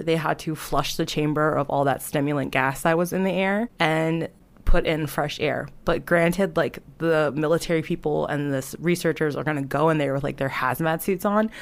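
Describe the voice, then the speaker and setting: A woman's voice: low voice, dry recording. A young woman casually retelling a horror story in a chatty way, full of filler words and disgusted reactions.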